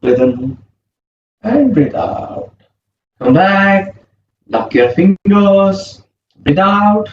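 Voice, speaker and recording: The recording is roomy and a little muffled, carrying a faint underlying hum, as a male yoga instructor talks students through a session. His breathing cues come very slowly and calmly, in a voice that's high for a man and distant from the mic.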